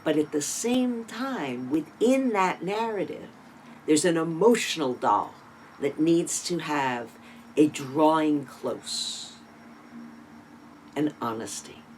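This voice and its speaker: A Torah teacher gives a sermon, retelling a scripture story with dramatic rises and drops in loudness and pointed emphasis. The speaker slips in casual asides and rhetorical questions along the way. The voice sits in a middle register over a faint background hum. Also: medium pitch, rough recording.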